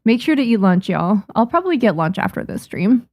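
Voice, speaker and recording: With a medium pitch, big pitch swings, and a brisk, darkish delivery, a young adult manga artist chats casually on her livestream. Speaking into her desk microphone, she thanks viewers with frequent ums, and the recording is dry with clean studio sound.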